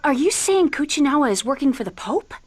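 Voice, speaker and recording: A woman's voice: sits high, big pitch swings, brisk, no room sound. A woman voicing an earnest, self-sacrificing young female ninja in a video game, pleading and emotional. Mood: puzzled. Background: loud game music.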